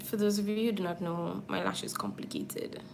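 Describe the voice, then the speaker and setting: A makeup artist applies false lashes on a livestream, chatting casually and speaking straight to her viewers. Her fairly low voice is sing-song, brisk and creaky against a noisy background.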